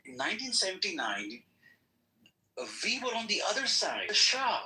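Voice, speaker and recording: A man's voice: sits high, wildly swooping pitch, normal speed, sharp tone. A man in a heated online debate who tries to reason with the others and keeps saying "hang on". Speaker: debate participant. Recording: distant, echoey sound.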